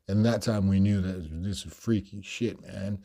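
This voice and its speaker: A man with an Australian accent hosting a podcast, telling stories in a projected, animated and carefully clear voice, rambling with many fillers. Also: sits low, unhurried. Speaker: podcast host. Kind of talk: storytelling monologue.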